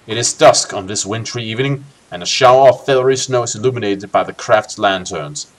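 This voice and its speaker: A man's voice: lowish voice, fairly quick. A man hosting a co-op game session, reading a gamebook aloud expressively and tossing in joking asides. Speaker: let's play host.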